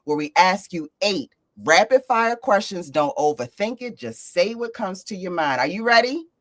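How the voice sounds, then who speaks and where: A woman's voice: medium pitch, expressive, normal speed, fairly bright tone. A woman hosting a casual interview, upbeat and playful with emphatic delivery. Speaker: podcast host.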